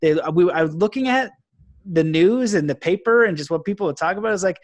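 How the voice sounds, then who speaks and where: Rambling, excitable man host. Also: high-pitched, fairly quick, no room sound. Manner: rambling, enthusiastic, many fillers and restarts. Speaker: podcast host. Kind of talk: casual interview chat.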